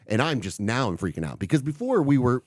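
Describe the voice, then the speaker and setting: A man's voice: medium pitch, very animated, quick pace, darkish tone, dry recording. A man co-hosting a podcast, telling a long story in casual chat and swearing freely. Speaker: podcast co-host.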